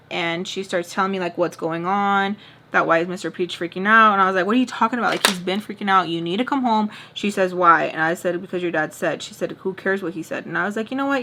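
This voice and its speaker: A woman's voice: fairly low pitch, a little hiss or hum. A woman vlogger telling a story casually, acting out both sides of the arguments. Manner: fast animated retelling, acts out both sides of arguments. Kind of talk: casual storytime, quoting others.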